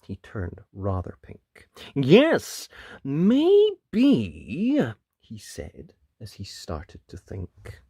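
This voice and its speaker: A woman reading a rhyming children's picture book aloud, expressive and sing-song. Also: rumbling low, takes it slowly, vocal fry, few pauses, slightly rough, dry recording. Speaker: storybook reader.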